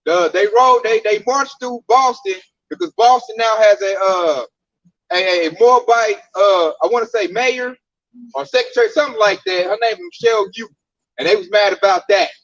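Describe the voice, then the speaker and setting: A man's voice: high-pitched, moderate pace, a bit bright, no echo, muffled recording. A man teaching scripture in a casual street-preaching style, blunt and emphatic with lots of slang. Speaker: Bible teacher.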